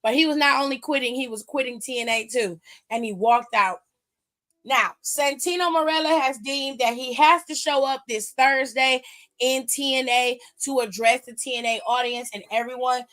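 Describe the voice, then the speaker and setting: A woman's voice: high voice, normal speed, fairly bright tone. A woman hosting a wrestling aftershow, recapping matches in a blunt, sassy, casual way full of slang.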